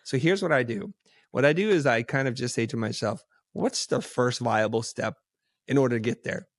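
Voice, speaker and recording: A man tells stories as a podcast guest and jumps into the voices of the people he quotes. His pitch sits in a middle range. The recording is close and dry. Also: normal speed, no echo. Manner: animated, acts out quoted dialogue. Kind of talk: casual storytelling.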